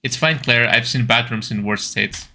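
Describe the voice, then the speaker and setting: A man's voice: medium pitch, moderate pace, pushed and bright. A man reading the lines of a blunt, bossy teenage schoolgirl who teases and pushes her friend. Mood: brusque.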